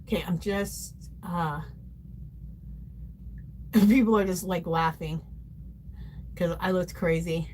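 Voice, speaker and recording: A woman's voice: fairly low pitch, fairly even intonation, unhurried, darkish tone, a little hiss or hum. A woman hosting a casual craft livestream, chatty and playful, reading viewer comments aloud and laughing often. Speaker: livestream host.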